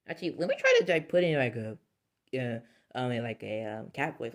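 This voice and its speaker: A woman's voice: rumbling low, expressive, quick pace. A woman vlogger talking casually to her viewers, rambling and correcting herself, laughing often. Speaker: video creator. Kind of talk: casual talk to camera.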